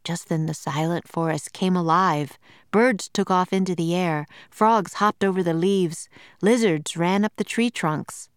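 Slow, measured woman reading a storybook. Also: fairly low pitch, clear, resonant tone, no room sound, studio quality. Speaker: narrator.

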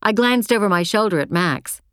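A woman reading a first-person novel aloud as an audiobook narrator, in a measured, reflective way. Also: mid-range voice, animated, no echo, clean studio sound.

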